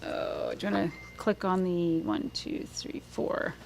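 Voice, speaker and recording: A woman's voice: fairly low pitch, unhurried, gravelly, darkish tone, a little hiss or hum. A woman singer-songwriter chatting onstage between songs at a live concert, losing and finding her train of thought. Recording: live concert recording with music underneath. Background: guitar playing.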